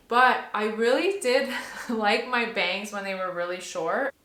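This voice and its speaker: Young woman, casual vlog tutorial, chatty and nervous, mid-pitched voice, echoey room. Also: takes it slowly, a bit bright. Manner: chatty and nervous, with many fillers. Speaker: beauty vlogger.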